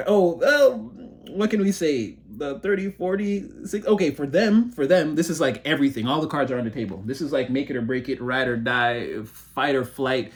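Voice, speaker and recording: A giggly, excitable man gives a casual tarot reading with a fairly high voice. He rambles on fast, keeps breaking into laughter, and calls himself a motor mouth. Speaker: tarot reader.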